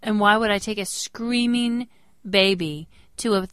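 Young mom chatting on a podcast, animated storyteller, dry close sound. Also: female voice, measured pace, clean tone, dry recording. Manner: animated storyteller, jumps into high voices when quoting people. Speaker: podcast co-host. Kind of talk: casual chat.

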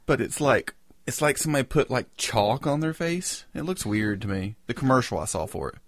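A man co-hosts a podcast, chatting casually and spinning rambling, joking stories with animated energy. His voice is medium-pitched and fairly quick, captured in a dry, studio-quality recording.

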